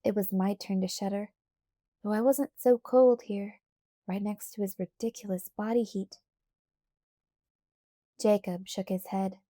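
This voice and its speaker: A woman narrating an audiobook in a calm, measured first-person reading. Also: mid-range voice, no echo, studio quality. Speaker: audiobook reader.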